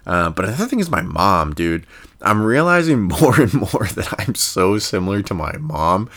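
A young man hosting his own podcast, talking in a deep voice with a gravelly, creaky grain. He rambles and thinks aloud, circling back with fillers and restarts, and often chuckles or drops into quick impressions. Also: sing-song, fairly bright tone. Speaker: podcast host. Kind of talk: casual solo podcast musing.

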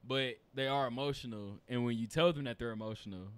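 A man's voice: mid-range voice, quick pace, clean tone. A man hosting a podcast, talking in a loose, rambling, profane way while telling stories to friends in a room. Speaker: podcast host. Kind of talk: casual podcast chat. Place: indoor studio room with friends.

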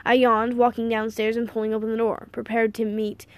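A woman's voice: fairly high pitch, completely flat delivery, a little fast. Wry woman narrating an audiobook. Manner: wry, playful storytelling.

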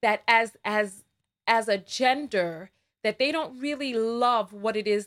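A woman's voice: fairly high pitch, takes it slowly, fairly bright tone. A woman with a New York accent hosting a livestream talk show, chatty and sassy, reading out viewer donations and laughing often.

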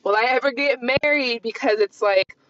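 A candid woman in her twenties rambles through her solo podcast, thinking aloud and leaning heavily on "like." She has a fairly high, slightly bright voice at a moderate pace, recorded close and dry with a somewhat dull, lo-fi tone.

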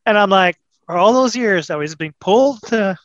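A man's voice: high voice, no room sound. Man with a muffled, dull-sounding mic. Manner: relaxed, halting, with fillers. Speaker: podcast guest. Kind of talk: casual conversation.

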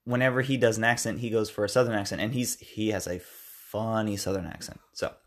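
A man's voice: fairly low pitch, fairly even intonation, fairly quick. Guy from the states rambling thru a movie recap, restarts a lot, acts out lines. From United States. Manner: rambling, self-correcting, acts out film lines. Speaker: podcast co-host. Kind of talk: casual film review chat.

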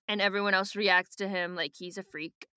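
A woman's voice: medium pitch, level tone, moderate pace, pushed and bright, smooth, no echo. A woman co-hosting a podcast in casual book-club chat, talking with lots of fillers and offhand swearing. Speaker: podcast co-host.

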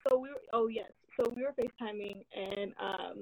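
A woman's voice: mid-range voice, normal speed, gravelly, a little mellow, dry recording, low-quality recording. A young woman from the United States hosting a casual live-stream chat, telling a story with many "like"s and "um"s. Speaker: host.

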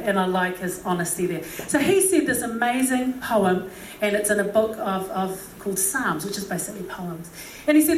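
A woman's voice: mid-range voice, animated, moderate pace, a little hiss or hum. A woman preaching a humorous sermon, chatty and joking with many asides, recorded from a distant mic in an echoey hall.

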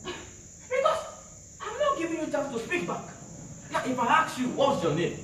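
A man's voice: very high-pitched, very animated, moderate pace, pushed and bright. A man preaching, emphatic and repetitive, quizzing his congregation. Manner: emphatic, repeats lines, questions the congregation. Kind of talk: sermon. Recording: very echoey hall from far off, faint noise.

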